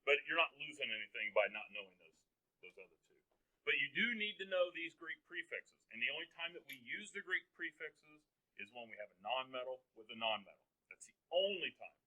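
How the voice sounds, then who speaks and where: A man's voice: medium pitch, big pitch swings, brisk, pushed and bright, rough recording. A man teaching a chemistry class, lecturing casually with jokes and questions to his students. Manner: chatty and joking, asks the class questions. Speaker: high school chemistry teacher.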